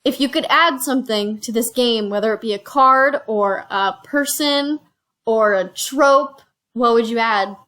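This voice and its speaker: Female host, higher-pitched, animated storyteller, casual phone-recorded chat. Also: unhurried. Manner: animated storytelling, slipping into quoted voices. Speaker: reviewer and show host. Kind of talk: casual chat, retelling a movie plot. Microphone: phone used as camera.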